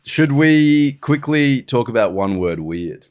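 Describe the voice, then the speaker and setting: A man co-hosting a podcast in easygoing casual chat, quick to laugh. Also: medium pitch, lively intonation, a little mellow, clean tone. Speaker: podcast co-host.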